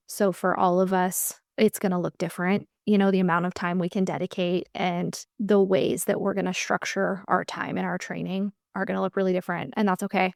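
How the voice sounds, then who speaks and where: Woman, American accent, podcast co-host, encouraging, gravelly fry, dry close mic. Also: lowish voice, darkish tone, no echo. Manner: thoughtful, encouraging, laughs often. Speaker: co-host, dance instructor. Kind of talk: casual podcast chat.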